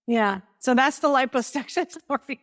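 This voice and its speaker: A middle-aged woman telling her story as a guest, acting out what others said in a lively way. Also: high voice, normal speed. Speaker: guest, author. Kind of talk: storytelling in conversation.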